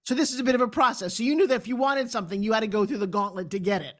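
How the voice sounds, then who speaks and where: A woman's voice: fairly high pitch, very fast. Chatty woman hosting an interview. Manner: chatty, tells her own stories back. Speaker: host. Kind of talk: casual interview chat.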